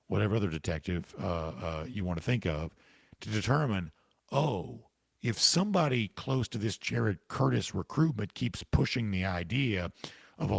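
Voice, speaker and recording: A man's voice: fairly low pitch, vocal fry, slightly rough, no echo. A man hosting a sports talk podcast, answering listener comments with casual, emphatic, opinionated commentary while he has the hiccups.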